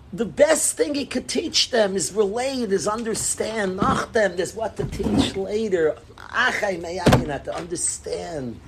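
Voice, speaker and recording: A man teaching a religious class in an impassioned, emphatic way, repeating his points and swinging between loud and hushed. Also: high voice, noisy background. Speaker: Torah teacher.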